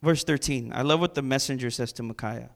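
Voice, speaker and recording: A man preaching a sermon in an animated, conversational way, with sarcastic asides and repeated words. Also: medium pitch, a little fast, gravelly.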